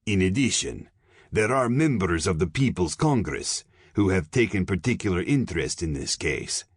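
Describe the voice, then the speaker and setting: A man's voice: low voice, lively intonation, normal speed, slightly rough, no room sound, studio quality, pitched above the performer's own voice. A man voicing a pompous, solemn colonel. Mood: lecturing. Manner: earnest, lecturing, weary. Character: solemn, pompous middle-aged male police colonel.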